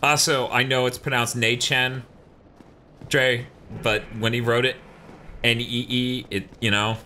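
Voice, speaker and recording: Guy on a gaming stream reading chat out loud, bright tense voice, joking around, bit of hiss behind him. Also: medium pitch, level tone, measured pace. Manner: reads viewer messages aloud, joking asides.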